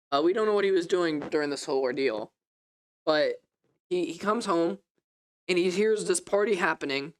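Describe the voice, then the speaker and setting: A young adult student preaching a sermon in a classroom, telling the story in a casual, conversational way with fillers. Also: mid-range voice.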